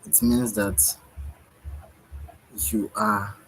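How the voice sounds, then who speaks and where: A man's voice: lowish voice, completely flat delivery, a little hiss or hum, poor audio. A tired man giving a musing spiritual monologue late at night, sighing and yawning as he talks. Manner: slow, musing, with sighs and yawns. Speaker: spiritual speaker.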